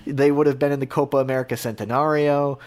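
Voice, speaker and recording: A man's voice: mid-range voice, fairly even intonation, quick pace, a little mellow. A Canadian man as a podcast guest, chatting casually and rambling with many fillers and restarts.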